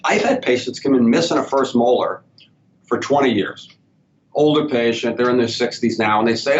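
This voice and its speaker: A man's voice: expressive, brisk. A male dentist as a podcast guest, telling clinical stories and acting out conversations with patients. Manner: storytelling, acts out patient dialogue. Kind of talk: casual podcast interview. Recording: slightly dull sound with faint rumble.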